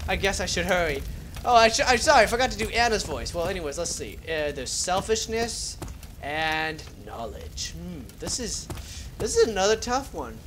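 A man's voice: sits high, moderate pace, a little hiss or hum. A young man hosting a horror game let's play, chatting casually and yelping when he gets scared. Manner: excitable, yelps and shouts when scared.

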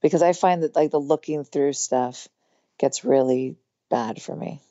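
A woman with a hoarse voice that sits low and dark, talking in a loose, meandering way full of "like" and "you know". The sound is dry and a little dull. She comes across as a guest in a relaxed podcast interview. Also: unhurried, dry recording. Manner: rambling, lots of "like" and "you know". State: hoarse, losing her voice. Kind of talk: casual interview chat.

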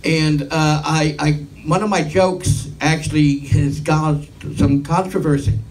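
A middle-aged man doing a stand-up comedy set, rambling and deadpan with filler asides. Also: fairly high pitch, unhurried, distant mic, a little hiss or hum, rough recording.

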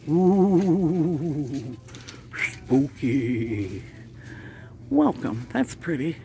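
A woman's voice: low voice, lively intonation, very slow, long pauses, mellow, a little hiss or hum. A woman chatting casually to viewers while shopping, often chuckling, filmed on a handheld phone inside a large store. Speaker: shopping vlogger. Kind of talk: casual running commentary.

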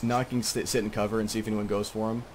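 A man streaming a survival game, giving rapid, urgent callouts to his squad. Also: slight background noise. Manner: rapid urgent callouts, voice jumping high when excited.

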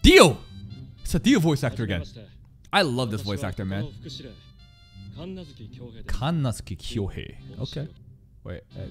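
A man giving an excitable, swearing live reaction to an anime, jumping between loud outbursts and low mutters. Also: normal speed, long pauses, over music.

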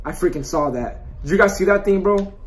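A gaming YouTuber records let's-play commentary over a horror game, his voice sitting high and moving fairly quick. He's jumpy and excitable, yelping at the scares, then muttering and trash-talking the game with a steady stream of mild curses.

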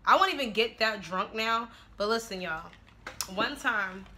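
A woman's voice: a little high, animated, a little slow, sharp tone, a little hiss or hum. A woman vlogging casually at home while doing her makeup, brash and profane, often breaking into laughs. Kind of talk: casual get-ready-with-me chat. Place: at home, making dinner while filming.

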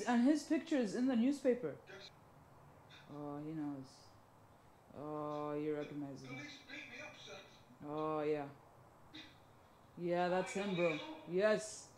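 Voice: mid-range voice, animated, slow, pauses often, a little mellow, reverberant, a little hiss or hum. A movie reaction host giving a blunt, profane running commentary while watching a film.

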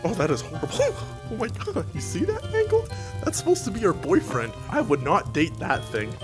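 A young man giving gaming commentary, loud and profane, with sudden yelps and laughs. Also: high voice, wildly swooping pitch, moderate pace. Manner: loud, swearing, erratic bursts and laughs. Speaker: gaming YouTuber. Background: game music.

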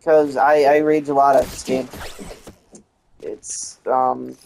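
A woman's voice: a bass voice, flat delivery, slow, vocal fry, darkish tone, slight background noise. A woman giving gameplay commentary, ranting in frustration with heavy swearing. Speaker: gaming channel host.

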